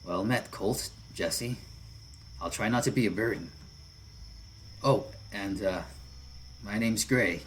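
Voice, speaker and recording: A lost young traveler, voiced by a man close to his own low voice, speaks with a light Southern twang. He is halting and polite, feels his way through each sentence, and has a faint hiss of noise behind him. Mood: unsure.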